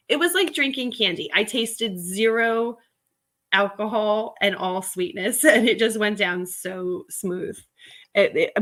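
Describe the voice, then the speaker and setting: A somewhat high-pitched woman who chats easily and giggles often. She talks to her live viewers in a relaxed way while sorting resale stock. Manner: chatty and giggly, talking to viewers. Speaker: resale livestream host. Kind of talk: casual live-stream chat while working.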